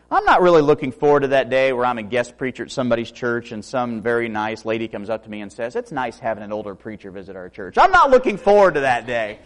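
A man's voice: medium pitch, fairly bright tone. A man in his early thirties, a preacher, delivering a sermon full of self-mocking stories and humor. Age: 30s.

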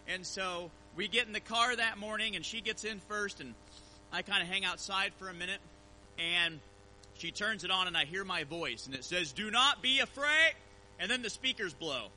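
A man preaching a sermon, telling a personal story in a relaxed, conversational way before reading scripture aloud. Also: sits high, normal speed, slight background noise, low-quality recording. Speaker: pastor.

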